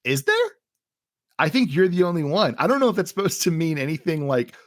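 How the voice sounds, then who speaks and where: A man co-hosting a podcast in casual chat, retelling scenes in an animated way with frequent laughter. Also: fairly high pitch, brisk, no room sound, clean studio sound. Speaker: podcast co-host.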